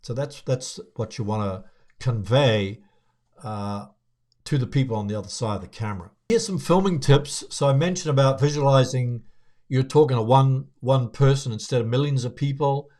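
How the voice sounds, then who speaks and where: A young man coaching viewers on speaking to camera, talking in a relaxed, conversational way with frequent fillers and restarts. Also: mid-range voice, moderate pace. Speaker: video coach. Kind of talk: casual on-camera tutorial.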